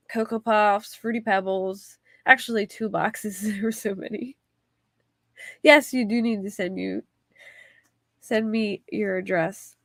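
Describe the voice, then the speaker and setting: Chatty woman with a gravelly voice. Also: mid-range voice, no echo. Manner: chatty, rambling, reads chat aloud. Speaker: livestream host. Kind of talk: casual livestream chat.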